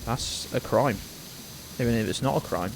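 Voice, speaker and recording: A man's voice: mid-range voice, normal speed, gravelly, background noise. A man in his twenties chatting casually on a live game stream, rambling, swearing now and then and greeting viewers by name. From United Kingdom. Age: 20s.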